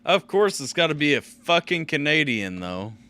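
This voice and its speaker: A man hosting a live music reaction stream, bantering loudly with laughs and swearing. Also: on the high side, big pitch swings, normal speed. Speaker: stream host.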